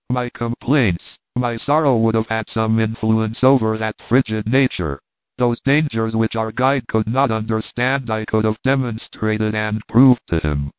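A man reading a novel aloud as an audiobook narrator, in measured, steady storytelling. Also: on the low side, no echo. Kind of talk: scripted narration. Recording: dry, phone-like narrow sound.

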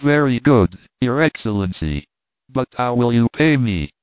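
A man's voice: medium pitch, big pitch swings, unhurried, no echo. A man doing a whiny old miser merchant, pleading and greedy, audiobook style, dry tinny sound. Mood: wheedling. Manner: whining, pleading.

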